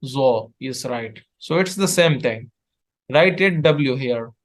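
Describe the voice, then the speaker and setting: A man teaching letters in an online lesson, patiently repeating sounds in halting English. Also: medium pitch, expressive. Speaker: Arabic tutor. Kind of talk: one-on-one online language lesson.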